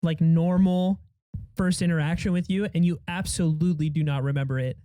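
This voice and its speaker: A young man with a high voice talks bluntly in loose banter, swearing as he goes. The sound is dry and close, with no room around it. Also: steady tone, brisk, dark tone, no room sound. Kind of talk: casual chat among friends.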